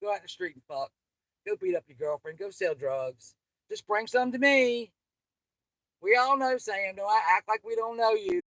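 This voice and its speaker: A woman's voice: mid-range voice, expressive, normal speed, fairly bright tone, no echo, low-quality recording. Profane ranting woman. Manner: angry, profane, rambling. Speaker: channel host. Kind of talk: livestream rant.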